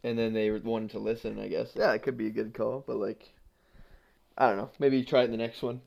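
A man's voice: lowish voice, level tone, a little fast, gravelly, a little mellow, highs cut off. A man co-hosting a casual podcast, loose and rambling, swearing as he goes. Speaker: podcast co-host. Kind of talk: casual chat.

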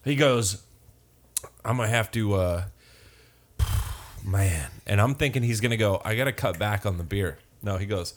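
A man's voice: on the low side, unhurried, pauses often. A young man co-hosting a casual podcast, telling wry, teasing stories.

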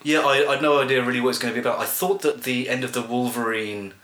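A man chats as a podcast guest, hesitant and self-deprecating, with lots of ums and restarts. His voice is bright and forceful. The room sounds echoey. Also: mid-range voice, fast. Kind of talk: casual chat.

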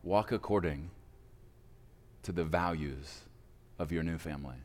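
Brief: preacher as a rich, powerful father, deep, hushed and grave. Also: long reverb tail. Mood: somber. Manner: slow, quiet and grave. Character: somber wealthy powerful older father.

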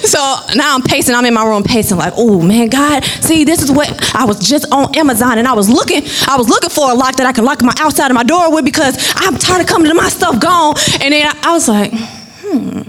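A young adult woman minister, telling a personal testimony in an animated, chatty way, acting out the voices of her family. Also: sits high, fast, hardly any pauses, a little hiss or hum. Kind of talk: testimony storytelling.

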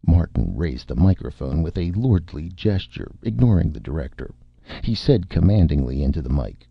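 A man narrating an audiobook in a measured, expressive way, in a dry, slightly muffled recording. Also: extremely low pitch, creaky, breathy edge, no echo.

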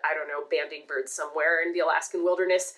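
A woman telling a long personal story in casual podcast chat, animated and swearing casually. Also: sits low, fast talker, rough recording.

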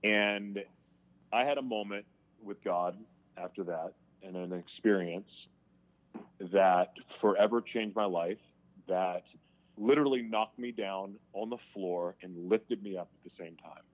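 Frank man on a tinny line. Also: lowish voice. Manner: frank, emotional, halting with restarts. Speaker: interview guest. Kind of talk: candid personal storytelling. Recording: tinny phone-line sound.

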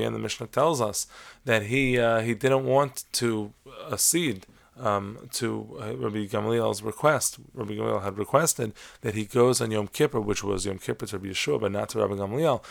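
A man giving a measured, explanatory Torah lesson, weaving Hebrew terms into his teaching. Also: fairly low pitch, gravelly. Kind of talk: lecture-style lesson on Talmud stories.

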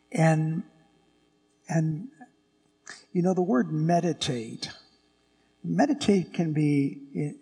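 Man, priest, unhurried homily, lively rising and falling pitch, long church echo. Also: vocal fry. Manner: slow, conversational preaching with frequent restarts.

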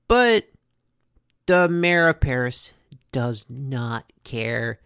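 Casual recap host, slow unhurried talk, animated pitch, dry close sound. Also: dry recording. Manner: chatty, lots of fillers and asides. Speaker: host recapping a cartoon episode.

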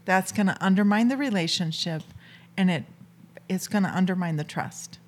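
A woman co-hosting a podcast in a casual chat, bubbly and quick to laugh. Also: fairly low pitch, slight background noise. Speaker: podcast co-host.

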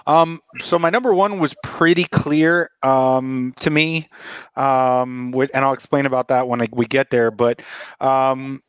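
A man's voice: medium pitch, fairly even intonation, unhurried, smooth, no room sound, lo-fi sound. A man co-hosting a casual podcast, teasing and joking with the others. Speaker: podcast co-host.

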